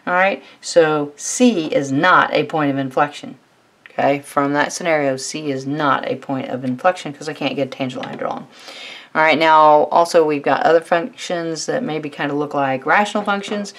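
Woman math instructor, low pitch, steady explainer for a tutorial. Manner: steady, fills pauses with "all right". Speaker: math teacher.

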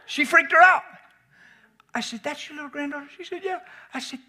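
A middle-aged man preaching a storytelling sermon, animated, swinging from shouts down to whispers. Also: very high voice, fast.

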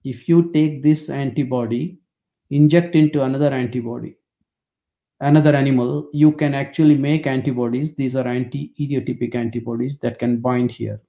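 A man's voice: mid-range voice, fairly even intonation, normal speed, warm tone, highs cut off. A man in his sixties from India, speaking, gives a webinar lecture as wry, anecdotal storytelling.

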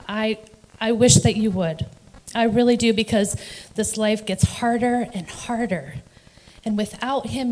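A woman's voice: medium pitch, rough recording. A middle-aged woman from New Jersey giving an earnest, emotional personal testimony in a church service, with nervous laughs. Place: church sanctuary.

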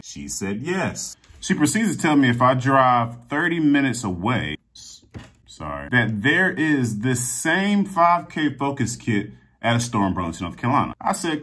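Animated man ranting through an unboxing vlog. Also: mid-range voice, moderate pace. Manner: animated storytelling, loud outbursts of exasperation. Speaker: vlogger. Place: indoor room with green screen.

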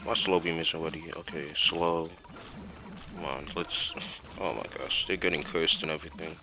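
A man's voice: very deep voice, steady tone, normal speed, music in the background. A young man giving casual gameplay commentary, talking to himself in slangy speech with lots of fillers. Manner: talks to himself while playing, slangy, with many fillers.

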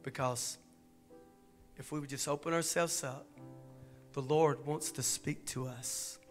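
A man preaching a sermon as pastor, starting soft and low and building to fervent exhortation. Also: fairly even intonation, measured pace, faint music behind. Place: church sanctuary.

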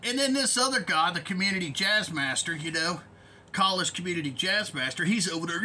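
A man's voice: a little high, animated, a little fast, bright, forceful tone, slight background noise. A man ranting in a vlog as an online commentator, profane, rambling and heated.

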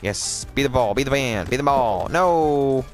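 A man giving casual, jokey commentary over his own gameplay, excitable and playful, mock raging and rhyming nonsense. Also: mid-range voice, moderate pace, soft background music.

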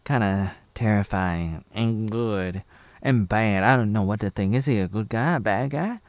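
A man's voice: fairly low pitch, a little slow, no room sound. A man in his thirties from Oregon, casually reviewing a TV episode in a meandering, rambling way with chuckling asides to himself. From USA (Oregon). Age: 30s.

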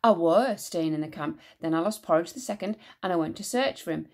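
A woman voicing an excitable young traveller boy who talks eagerly and insistently in dialect. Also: on the low side, fairly quick, vocal fry. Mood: excited.

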